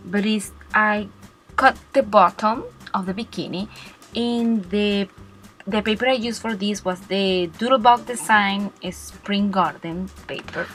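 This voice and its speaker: A woman narrating a card-making tutorial step by step, pausing and searching for her words as she explains. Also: mid-range voice, a bit bright. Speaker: cardmaking blogger.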